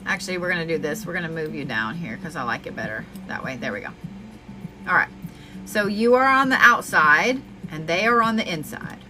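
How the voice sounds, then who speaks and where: A woman's voice: low-pitched, lively intonation, a little fast, bright, forceful tone, rough recording. A woman giving a live astrology reading, chatty, affectionate and freely profane. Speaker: astrology reader. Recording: music playing behind. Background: clear background music.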